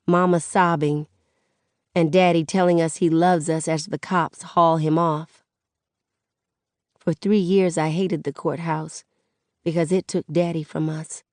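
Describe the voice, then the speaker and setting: A woman narrating an audiobook in first person, with steady storytelling. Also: sits low, no echo, clean studio sound.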